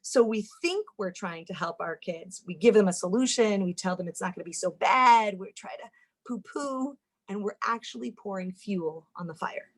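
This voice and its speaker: A woman family therapist giving a lively talk on parenting, acting out the inner voices of parents and kids, often repeating words as she goes. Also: mid-range voice, normal speed, few pauses, poor audio. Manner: animated, acts out parents' and kids' inner voices; repeats words and restarts sentences when speaking.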